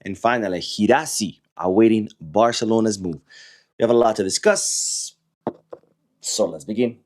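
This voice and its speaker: A man hosting a football news live stream from away while he travels, lively and sarcastic in his asides. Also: fairly low pitch, normal speed.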